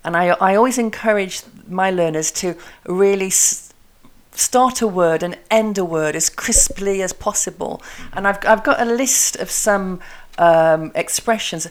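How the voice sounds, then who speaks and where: A woman who hosts a podcast and teaches English chats casually in a medium-pitched voice. She demonstrates tongue twisters slowly and crisply.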